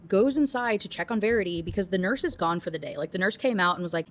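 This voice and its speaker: A woman's voice: mid-range voice, expressive, fast talker, few pauses. A young woman giving a casual, chatty book review rant, full of asides and fillers.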